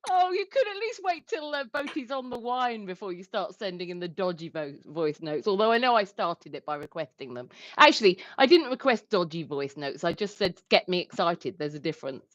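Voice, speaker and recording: A woman's voice: mid-range voice, sing-song, fairly quick, hardly any pauses, no room sound, highs cut off. A woman co-hosting a livestream, chatting casually and reading out viewer comments. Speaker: livestream co-host.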